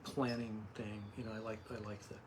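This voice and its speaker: An older man, an artist, chatting softly in a small home studio, often trailing off and restarting his sentences. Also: on the low side, flat delivery, a little fast, noisy background. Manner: soft-spoken, trails off and restarts. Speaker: artist guest. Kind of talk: casual interview.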